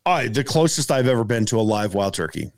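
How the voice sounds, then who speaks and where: A man telling a casual story as a podcast guest, rambling and animated, full of fillers like "man" and "dude.". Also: mid-range voice, moderate pace.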